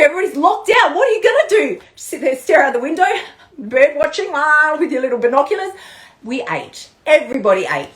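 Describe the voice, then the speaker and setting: A woman in her thirties, a weight-loss coach giving an animated, chatty pep talk on a live stream, laughing often and swearing lightly. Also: on the high side. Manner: bubbly and animated, with frequent laughs and mild swearing. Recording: roomy echo.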